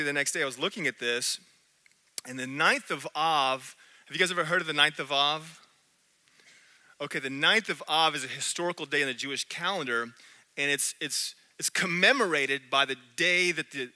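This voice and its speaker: A man preaching a sermon in a church, animated, swinging between loud and hushed. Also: fairly high pitch, moderate pace. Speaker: pastor.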